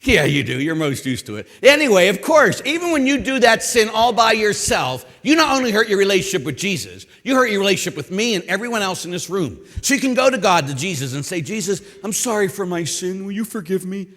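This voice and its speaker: A priest in his fifties from Pittsburgh gives a humorous talk, acting out asides and poking fun at himself. His voice sits a little high for a man and swings widely in pitch. The talk carries a long reverb from a large conference hall. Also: fast, few pauses. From Pittsburgh, USA. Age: 50s. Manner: animated storytelling with self-deprecating humor and acted asides.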